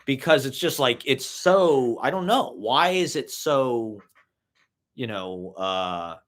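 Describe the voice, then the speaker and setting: A man's voice: medium pitch, expressive, takes it slowly, a bit bright. A young man talks off the cuff in a mid-range voice, drifting from thought to thought. His speech is loose and profane, thick with "like" and "you know". It sounds like a casual solo vlog. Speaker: vlogger. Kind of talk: casual rambling monologue.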